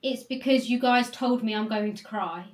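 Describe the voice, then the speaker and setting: A woman's voice: a little high, normal speed. A woman co-hosting a music reaction video, chatting casually and a little ramblingly. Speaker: reaction channel co-host. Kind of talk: casual chat. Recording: roomy echo.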